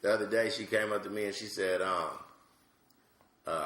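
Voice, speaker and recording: A middle-aged male comedian telling animated, slangy stories as a podcast guest. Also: lowish voice, a little fast, long pauses. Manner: animated, slangy, lots of asides. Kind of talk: comic storytelling on a podcast. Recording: roomy echo.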